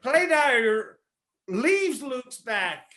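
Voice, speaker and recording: Bright, high-voiced animated man. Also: drawn-out words. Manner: animated, stumbling storyteller. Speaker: podcast co-host. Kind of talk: casual storytelling chat.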